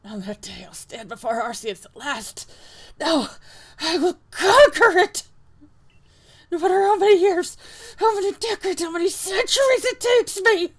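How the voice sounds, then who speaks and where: A woman reading game dialogue aloud, voicing a scheming young male villain who speaks low and hushed, then rises to a fanatical shout. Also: lively intonation, measured pace.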